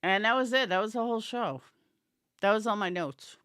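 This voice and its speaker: A woman's voice: medium pitch, a little fast, a bit bright, smooth, no echo, studio quality. A woman giving opinionated casual commentary on a true crime case, answering viewers by name and yawning as she talks. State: yawning, tired. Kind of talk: casual live-stream commentary.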